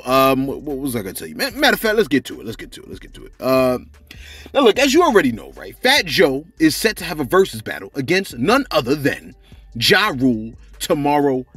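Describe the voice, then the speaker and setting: Lively high-voiced man gossiping. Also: breathy edge, no echo. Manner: animated, laughing, repeats "you see what I'm saying". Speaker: celebrity gossip channel host. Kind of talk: casual gossip commentary.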